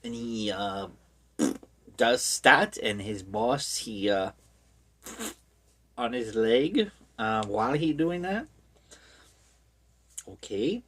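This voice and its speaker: A horror book reviewer giving a rambling, deadpan, casual recap of a book, with many asides. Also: medium pitch, very slow, long pauses, slightly rough.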